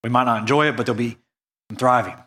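A man from the United States preaching a sermon, earnest and conversational, slowing down to stress key points. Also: mid-range voice, fairly even intonation, bright, forceful tone. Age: adult, went on a mission trip after high school. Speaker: pastor.

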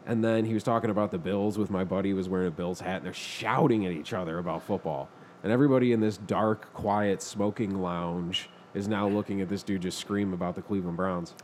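A man's voice: low-pitched, fairly quick, a little hiss or hum. Profane storytelling man from Buffalo. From Buffalo, New York. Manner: animated, profane, chuckles while telling. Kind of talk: casual storytelling chat.

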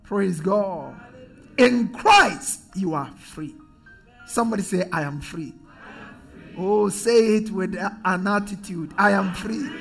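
High-voiced preacher, emphatic. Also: male voice, expressive, slow, creaky, soft background music. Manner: call-and-response, emphatic, often rising to shouts. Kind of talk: sermon. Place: church.

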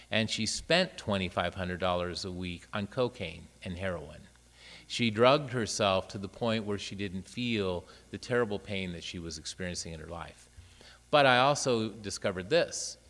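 A priest in his late fifties, with a lowish voice and a long reverb tail, tells a personal story during a homily. He's a lively storyteller who acts out the voices of the people involved, playing both sides of the dialogue.

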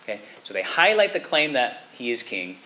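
A man preaching a sermon in a conversational way, often checking in with his listeners with a quick "okay?" or "right?". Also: mid-range voice, very animated, pushed and bright. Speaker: pastor.

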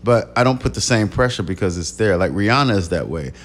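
An older man with a somewhat low voice tells stories as an interview guest. He speaks at a relaxed pace, laughs easily, and stops to reflect and repeat himself. The tone stays conversational and candid. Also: fast talker. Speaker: record executive and producer guest.

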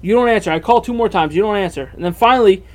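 Young male co-host, high voice, blunt and dismissive, swears. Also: racing. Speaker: podcast co-host. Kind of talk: casual chat.

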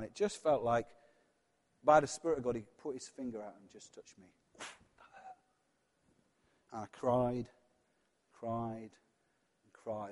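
A man preaching a sermon in a church, earnest and personal, dropping from loud passages to hushed ones. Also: mid-range voice, slow, pauses often, in a large hall.

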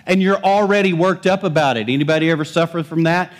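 Man preaching an animated, joking sermon. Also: fairly high pitch, fast talker. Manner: animated, humorous preaching with rising emphasis. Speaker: pastor.

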